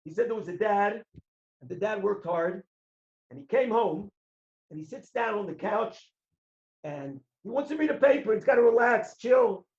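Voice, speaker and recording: Male rabbi, lively sermon storyteller, voices his characters and raises his voice for emphasis, roomy and dull recording. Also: high-pitched. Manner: animated storyteller, acts out voices, shouts at peaks. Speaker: rabbi giving a talk. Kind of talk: sermon with stories.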